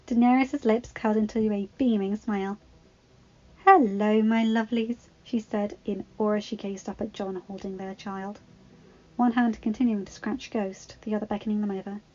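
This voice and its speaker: A woman reading fan fiction aloud in a calm, even storytelling voice. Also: mid-range voice, normal speed, highs cut off. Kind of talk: storybook narration.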